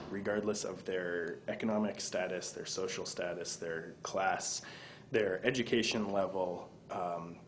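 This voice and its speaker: A man speaking as a community organizer, giving an earnest, steady explanation in an interview comment. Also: sits low.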